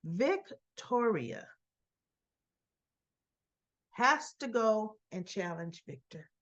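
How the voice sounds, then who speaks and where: A woman's voice: medium pitch, very animated, extremely slow, fairly bright tone, lo-fi sound. A woman recapping a soap opera episode in a casual retelling, acting out the characters' lines with chatty asides.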